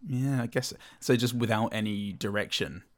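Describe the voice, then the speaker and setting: A man co-hosting a comedy podcast, tossing out deadpan absurd quips and laughing often. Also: lowish voice, moderate pace, no room sound. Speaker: podcast co-host. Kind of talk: comedic casual chat.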